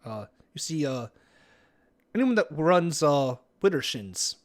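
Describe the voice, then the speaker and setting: A man's voice: fairly high pitch, very animated, takes it slowly. A man running a tabletop game on a live stream, rambling casually and swearing freely. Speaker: game master.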